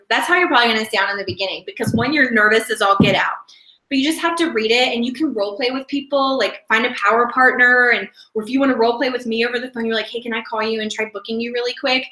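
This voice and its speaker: Chatty higher-voiced woman, echoey room. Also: fast, sharp tone. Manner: chatty and rambling, fills talk with "like"; breaks off mid-sentence and restarts. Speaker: direct sales team leader. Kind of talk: casual live training talk.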